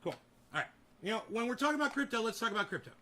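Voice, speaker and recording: A man with a high, bright voice who rants at his livestream chat. His tone is heated and profane, and he snaps back at commenters while he keeps talking. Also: very animated, racing. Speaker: streamer host.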